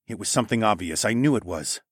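A man's voice: fairly low pitch, lively intonation, fast talker, breathy edge, dry recording, studio quality. A man narrating an audiobook in the first person, telling the story expressively.

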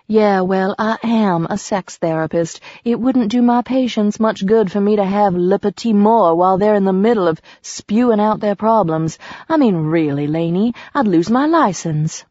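A woman's voice: medium pitch, moderate pace, dark tone, no room sound, lo-fi sound, lightly acted. A woman reading aloud, voicing a wry, sardonic woman who is a sex therapist. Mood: dry. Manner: dry and wry.

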